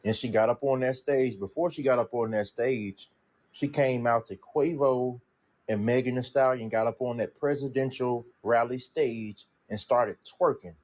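Guy ranting, husky voice, gets loud and fed up. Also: medium pitch. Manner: indignant, rising to exasperated outbursts. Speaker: commentator. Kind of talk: casual opinion clip.

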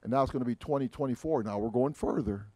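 A man preaching a sermon, swinging from emphatic rises to quiet asides. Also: medium pitch, fast, no room sound. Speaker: pastor. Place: church sanctuary.

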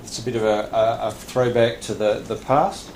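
An Australian man teaches a radio licence class in a training room, explaining things plainly with frequent restarts and small laughs. His voice is mid-range and slightly mellow, level in tone and moderately paced. The room is echoey, with a faint hiss in the background.

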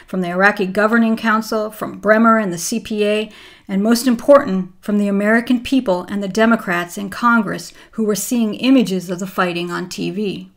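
A woman giving scripted documentary narration in a measured, even reading voice. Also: mid-range voice.

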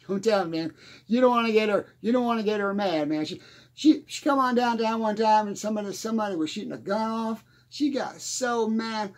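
A man's voice: high-pitched, moderate pace. A man playing a rambling small-town country singer, stammering and chuckling as he talks. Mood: rambling folksy. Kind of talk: comedic character monologue.

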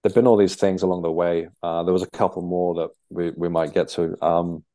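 A young man, a podcast guest, telling his story in a halting conversational way with many restarts. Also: low-pitched, little pitch movement, mellow. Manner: halting, with frequent restarts and fillers.

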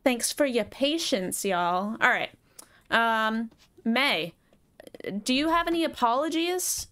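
A woman's voice: fairly high pitch, expressive, slow pace, sharp tone. A woman streaming a game live, chatting casually with viewers and cooing at her cat.

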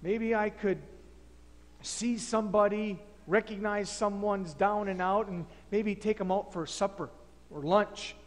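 A man's voice: sits high, steady tone, a little slow. A man pastor preaching in a folksy, stammering, think-aloud way, heard in a reverberant church hall. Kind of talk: sermon.

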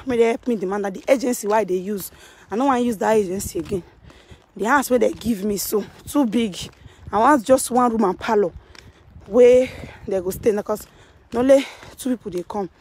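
A woman's voice: medium pitch, a little mellow, slight background noise. A woman with a Nigerian Pidgin accent, ranting heatedly on a live stream from her phone out on the street, repeating herself as she goes. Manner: heated, repetitive, confrontational. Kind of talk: casual live-stream rant. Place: outdoors on a street.

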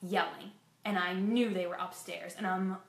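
A woman's voice: lowish voice, steady tone, moderate pace. Frank woman telling her story, echoey room. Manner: frank, self-deprecating, emotional retelling. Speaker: fitness vlogger sharing a personal story. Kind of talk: candid personal storytelling.

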